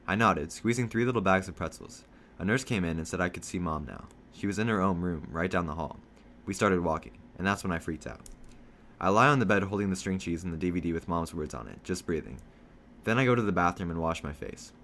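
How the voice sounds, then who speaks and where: A man reading a novel aloud, telling a first-person story in a steady storytelling manner. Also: sits low, fairly quick, slight background noise. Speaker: reader.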